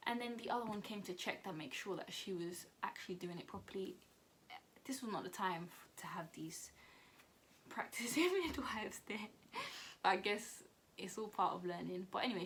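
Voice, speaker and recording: Young woman yapping through a storytime, lots of likes, acts out what people said, middle pitch, bit of faint noise behind. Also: moderate pace. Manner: chatty, animated retelling with many fillers and acted-out quotes. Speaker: vlogger. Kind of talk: casual storytime chat.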